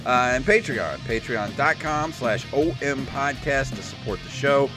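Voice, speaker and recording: A man's voice: mid-range voice, measured pace, music in the background. A man co-hosting a podcast in casual chat, laid-back and self-mocking, with some swearing. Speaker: podcast co-host.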